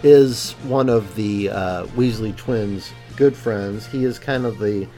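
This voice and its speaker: A man's voice: fairly low pitch, slow pace, mellow, faint music behind. A man co-hosting a podcast, chatting casually about a book, joking and talking in loose, restarting sentences. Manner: rambling, many fillers and restarts, jokey. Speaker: podcast co-host.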